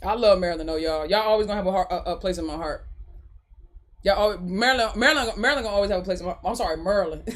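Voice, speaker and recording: A woman's voice: mid-range voice, rapid-fire. Laughing, chatty woman podcast host. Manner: animated, laughing often, swearing, repeating phrases. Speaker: podcast host reading live chat. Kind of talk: casual live-stream chat.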